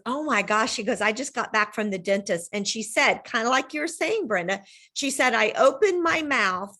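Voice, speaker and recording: A woman, hosting a casual video-call chat from home and telling stories with lively, acted-out quotes. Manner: animated storyteller, acts out quotes with big pitch jumps. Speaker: host.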